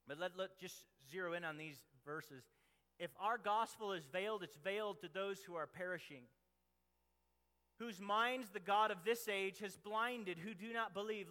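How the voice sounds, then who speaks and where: Young male pastor, high bright voice, impassioned preaching with long hall reverb. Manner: passionate preaching, swinging between loud emphasis and hushed asides. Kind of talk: sermon.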